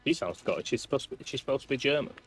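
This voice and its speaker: A man's voice: mid-range voice, lively intonation, very fast, soft background music. A man streaming a video game, chatting casually in a rambling, self-mocking way. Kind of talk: casual live-stream chat.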